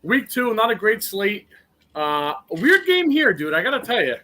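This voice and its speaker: A man co-hosting a sports podcast, excitable and blunt, swearing casually. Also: high-pitched, normal speed. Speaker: podcast co-host.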